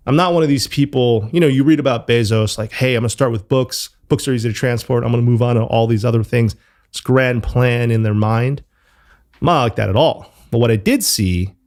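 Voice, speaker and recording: A man's voice: mid-range voice, normal speed, a little mellow. Easygoing man rambling in an interview. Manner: loose and rambling, full of fillers and mild swearing. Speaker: company founder, guest. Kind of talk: casual interview talk.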